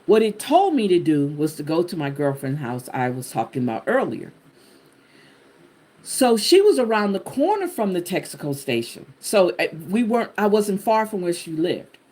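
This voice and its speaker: A woman host telling a personal testimony to her viewers in an animated, expressive way, talking to them directly. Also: fairly low pitch, moderate pace, breathy edge. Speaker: channel host sharing a personal story.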